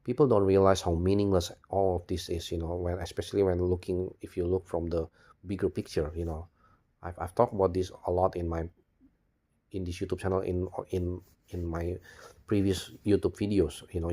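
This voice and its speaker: In his personal video, a man vents bitterly and cynically, going in circles, swearing, and filling gaps with "you know." He talks fairly quickly in a low, warm voice with little pitch movement.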